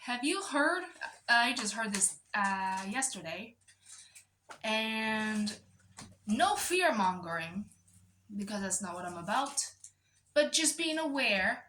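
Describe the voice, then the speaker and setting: A woman's voice: medium pitch, animated, slow pace, pauses often, bright, forceful tone, reverberant, slight background noise. A woman vlogging in a chatty, digressive monologue, breaking off to scold her pet. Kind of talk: casual rambling monologue.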